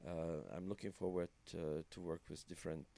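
A man's voice: sits low, steady tone, brisk, vocal fry, mellow. A man with a German accent, chatting casually on a podcast, hesitant and full of fillers. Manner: hesitant, many fillers and restarts. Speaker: podcast guest. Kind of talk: casual chat.

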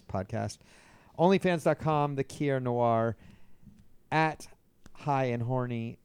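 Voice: medium pitch, takes it slowly, darkish tone, smooth. A podcast co-host bantering bluntly and with jokes in a casual chat.

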